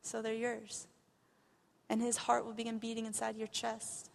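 A woman's voice: on the high side, monotone, normal speed, gravelly, in a large hall. A young woman giving an earnest missionary testimony in church, growing impassioned as she retells a story. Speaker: missionary speaker. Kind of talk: testimony sermon. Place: church hall.

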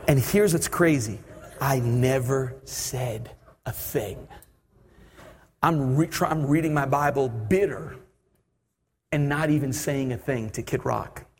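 A man preaching a sermon, telling a personal story with animated asides and acting out his own thoughts. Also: mid-range voice, slow pace, pauses often, breathy edge. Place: church service. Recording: reverberant church hall.

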